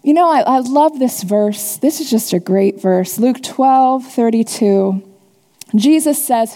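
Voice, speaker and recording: A woman preaching a sermon in a relaxed, conversational way, with quick asides and the odd laugh. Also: a little high. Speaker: pastor. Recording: long hall reverb.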